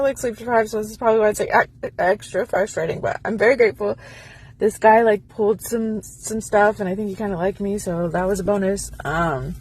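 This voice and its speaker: A woman's voice: mid-range voice, brisk, breathy edge. A young woman talking to her vlog camera, frustrated and venting, swearing, at times near tears. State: tearful, crying. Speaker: vlogger. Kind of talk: casual vlog talk.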